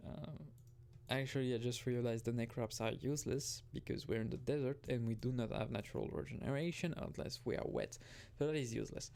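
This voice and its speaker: A man's voice: mid-range voice, a little fast, vocal fry, darkish tone. A young man giving rambling, casual gameplay commentary, often restarting and swearing casually. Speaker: gaming video host.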